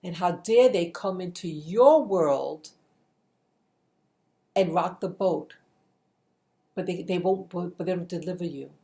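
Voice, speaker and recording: Slow, with long pauses, this middle-aged woman speaks in a lowish, dark voice. Her earnest motivational vlog is a casual monologue to camera, repetitive and marked by frequent restarts.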